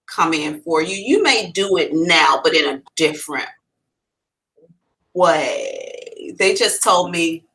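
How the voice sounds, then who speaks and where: A woman hosting a live psychic reading, talking in a blunt, profane and animated way. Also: lowish voice, takes it slowly, pauses often.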